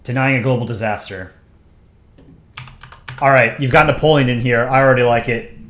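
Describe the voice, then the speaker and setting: A man hosting a casual drawing livestream, chatty and relaxed, thinking aloud as he works. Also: mid-range voice, normal speed, reverberant. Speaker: streamer and comic artist.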